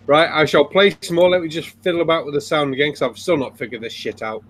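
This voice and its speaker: A man's voice: a little high, fairly even intonation, fast talker, fairly bright tone. A man hosting a livestream, chatting casually and making wry jokes. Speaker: livestream host. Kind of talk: casual banter.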